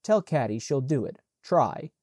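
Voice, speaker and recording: A man's voice: medium pitch, big pitch swings, measured pace, darkish tone, no room sound, studio quality. A man voicing a bossy young Southern girl who can turn coaxing and tender. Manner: commanding, then coaxing and tender.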